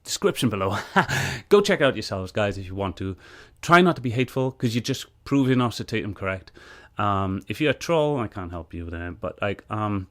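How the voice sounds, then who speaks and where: A man's voice: fairly low pitch, expressive, normal speed, hardly any pauses, a bit bright. A man reviewing a video clip, arguing back at it in an earnest, heated way. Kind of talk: reaction commentary on a clip.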